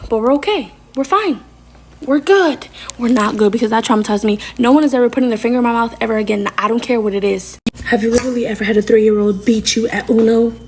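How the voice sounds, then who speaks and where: A young adult woman telling a funny family story in a casual storytime vlog, animated and dramatic, talking straight to her viewers. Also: a little high, quick pace, a little hiss or hum. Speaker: storyteller vlogger.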